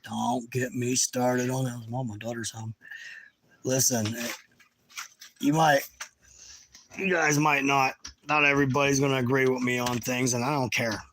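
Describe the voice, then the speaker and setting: A middle-aged man casually chatting about his field photos, animated, jokey and blunt. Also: mid-range voice, moderate pace, long pauses, a little hiss or hum, rough recording. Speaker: bigfoot researcher.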